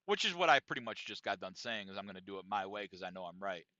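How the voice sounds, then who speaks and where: Blunt, profane man with a bright edge. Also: lowish voice, very animated, fast, dry recording. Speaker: podcast host. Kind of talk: casual monologue podcast. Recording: dry, dull lo-fi sound.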